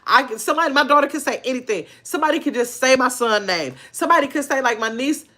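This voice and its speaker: A woman's voice: high-pitched, expressive, quick pace, sharp tone. Earnest older woman, casual livestream talk. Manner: earnest, conversational, speaks in casual slang. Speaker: livestream host. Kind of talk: casual livestream chat, reading viewer comments.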